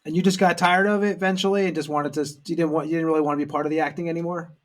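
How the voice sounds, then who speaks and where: A man's voice: on the high side, steady tone, racing. A man hosting a podcast, asking questions that sum up what his guest said. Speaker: podcast host. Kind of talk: interviewing.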